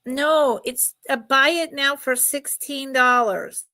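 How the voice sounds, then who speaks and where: A middle-aged woman runs a casual live-stream jewelry sale, her high voice bright and forceful though she speaks slowly. She's chatty and emotional, laughing often as she goes.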